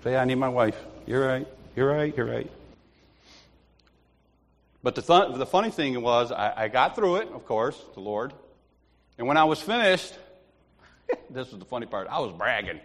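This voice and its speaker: A man's voice: mid-range voice, expressive, moderate pace, long pauses, a bit bright. Guy giving a folksy sermon, laughs a lot, acts out his stories, echoey church. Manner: storytelling, laughs often, acts out others. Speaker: lay preacher. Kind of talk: informal sermon with anecdotes. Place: church sanctuary. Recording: long hall reverb.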